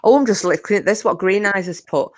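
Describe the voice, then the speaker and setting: A woman's voice: mid-range voice, fast talker, dry recording. A woman hosting a live online chat, reading messages out and checking that everyone can hear her. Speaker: livestream host. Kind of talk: casual chat. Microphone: online call.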